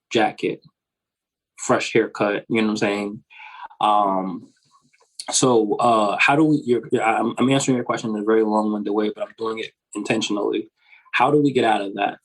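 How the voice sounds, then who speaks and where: A man's voice: on the low side, rough recording. A man in his thirties, a financial coach, answering interview questions in a reflective, conversational way and often checking in with "right?".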